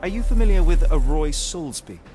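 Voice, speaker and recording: An actor voicing a composed Victorian gentleman detective in a video game, speaking formally and measuredly. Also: a little high, lively intonation, fairly quick, natural voice. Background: game music.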